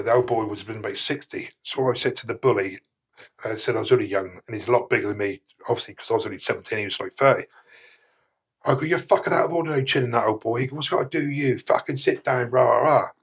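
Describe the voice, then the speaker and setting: Gravelly, husky man. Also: mid-range voice. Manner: rough, sweary, rambling with many fillers. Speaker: guest, former prisoner. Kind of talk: casual storytelling in a podcast interview.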